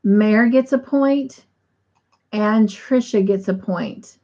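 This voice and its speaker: On a casual livestream, a woman reads viewer comments aloud and leads a short prayer. Her medium-pitched voice is mellow and slow-paced. The stream audio is dull and lo-fi.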